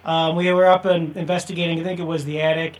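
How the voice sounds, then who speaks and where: A man with a high voice tells a story at a fast clip. He speaks in casual chat, with fillers as he goes. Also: little pitch movement. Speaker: paranormal investigator. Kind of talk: casual chat on a talk show.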